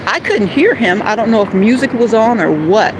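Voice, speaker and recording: A woman in an emotional, rambling live-stream monologue, heated and confrontational at times, then soft and apologetic. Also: on the high side, animated, normal speed, background noise. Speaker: livestreamer.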